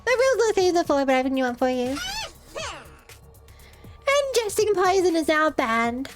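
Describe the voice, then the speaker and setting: Woman doing a high, bossy, theatrical announcer voice, with soft music behind. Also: very animated, normal speed. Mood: commanding. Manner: theatrical, domineering. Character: commanding game announcer, smug, bossy.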